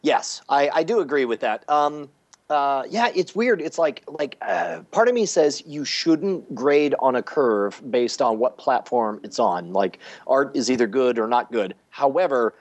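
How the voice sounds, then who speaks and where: A man speaking in a halting, hesitant way, full of fillers, as a talk show co-host. His voice is medium in pitch and comes through muffled and dry, with little room sound. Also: expressive, no echo. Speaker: podcast co-host. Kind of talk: casual chat. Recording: dull, dry lo-fi audio.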